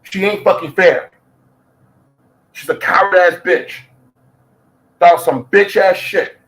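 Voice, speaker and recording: This heated, profane rant comes from a man who keeps circling back to the same points. He speaks slowly in a high, fairly bright voice, captured on a low-quality recording.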